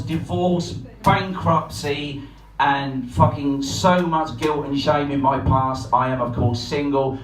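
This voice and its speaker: A man's voice: mid-range voice, slight background noise. A man in his forties from England doing a profane, rambling, self-mocking stand-up set. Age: 40s. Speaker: stand-up comedian. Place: comedy club stage before a live audience. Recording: roomy live hall from far off, music behind.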